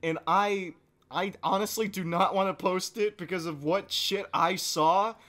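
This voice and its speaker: A man co-hosting a podcast, telling a story in casual chat and swinging from low mumbling to loud yelling. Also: fairly even intonation, a little slow. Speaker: podcast co-host.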